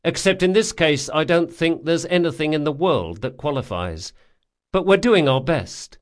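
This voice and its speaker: A man's voice: fairly high pitch, expressive, normal speed, voice pushed up, close to an everyday voice. A man voicing a brash, profane male thief in an audiobook, speaking with urgent emphasis. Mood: grim.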